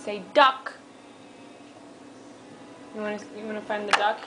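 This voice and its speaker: A woman's voice: medium pitch, steady tone, measured pace, noisy background. A woman at home talking sing-song baby talk to a toddler, patiently coaxing and repeating her questions. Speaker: parent teaching a toddler.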